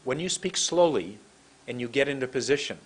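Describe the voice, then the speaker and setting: Slow, deliberate man teaching pronunciation. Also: mid-range voice, lively intonation, breathy edge. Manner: deliberate, word-by-word demonstration. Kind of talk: instructional lesson, slow drills.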